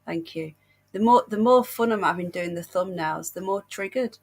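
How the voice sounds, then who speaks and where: A woman's voice: fairly low pitch, moderate pace, slight background noise. A British woman hosting a casual livestream chat, unwell and short of breath, chatty and affectionate with viewers. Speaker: livestream host.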